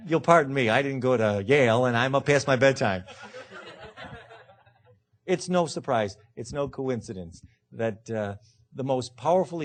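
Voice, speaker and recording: A man, a law professor, lecturing to a live audience in a punchy, emphatic way with dry self-mocking humor. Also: medium pitch. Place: lecture hall.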